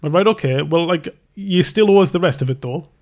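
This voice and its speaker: A man's voice: a little high, fast talker, a little mellow. Rambling man telling a story. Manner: rambling, self-interrupting, acts out both sides of conversations. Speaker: tattoo artist, podcast host. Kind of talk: casual storytelling chat.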